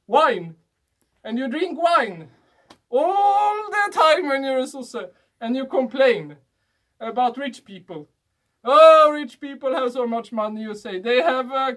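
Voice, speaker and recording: A podcast host with a Swedish accent, a native Swedish speaker, delivering a deadpan mock-instructional comic monologue in broken English. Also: medium pitch.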